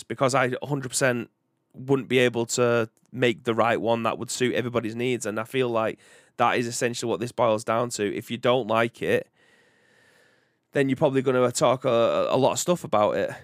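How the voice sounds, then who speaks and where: A man's voice: medium pitch, brisk, no room sound, studio quality. A British man hosting a casual video game podcast, chatting in a rambling way and reading out viewer comments. He has a young son. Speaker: podcast host. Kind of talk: casual live-stream chat.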